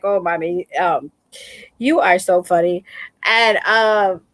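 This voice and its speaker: A middle-aged woman telling a story to her viewers, lively and quick to laugh, often repeating words as she goes. Her voice sits a little high. The sound is close and dry, with no room echo. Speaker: crafting channel host.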